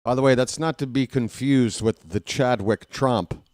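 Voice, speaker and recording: An American man giving casual live fan play-by-play of a baseball game, chatty and talking to himself, with excitable bursts. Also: mid-range voice, measured pace, no echo, clean studio sound. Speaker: play-by-play commentator.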